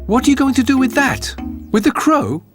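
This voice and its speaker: A man's voice: high-pitched, expressive, moderate pace, music in the background, voice pushed up. A man voicing a pair of scornful young men in a fairy tale reading, mocking and sneering.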